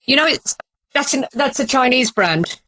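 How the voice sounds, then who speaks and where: A woman's voice: sits high, expressive, moderate pace, fairly bright tone, husky, poor audio. An older woman with a British accent, confronting a driver on the street and ranting insistently about conspiracies. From Britain.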